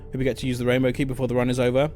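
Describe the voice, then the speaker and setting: A man's voice: medium pitch, completely flat delivery, rapid-fire, over music. A man streaming a video game, thinking aloud in casual, muttered commentary.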